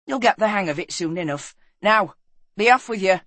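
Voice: mid-range voice, lively intonation, normal speed, fairly bright tone, dry recording, voice pushed up. A narrator voicing a kindly old bearded village smith in a storybook reading, speaking heartily and encouragingly. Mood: hearty.

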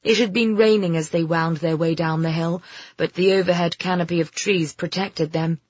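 An audiobook narrator reading a story in an even, measured way, close to the mic. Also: mid-range voice, breathy edge, no room sound. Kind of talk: scripted narration. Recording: slightly dull lo-fi recording.

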